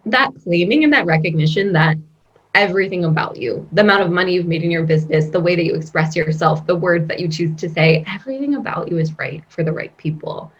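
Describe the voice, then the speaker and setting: A woman guest coach talking in a casual podcast interview, expressive and rambling, laughing often. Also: on the low side, fast talker, muffled recording.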